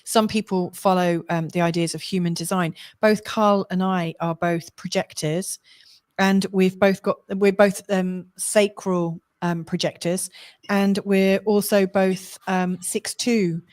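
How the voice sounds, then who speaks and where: A woman's voice: lowish voice, steady tone, measured pace, darkish tone. A woman co-hosting a casual online show, chatty, reading out viewer comments, and losing her voice. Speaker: co-host. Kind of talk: casual livestream chat.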